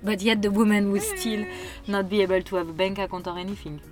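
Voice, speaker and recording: A woman's voice: mid-range voice, fast talker, over music. A woman, earnestly making her case in a casual conversation. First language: French. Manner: earnest, emphatic, persuasive.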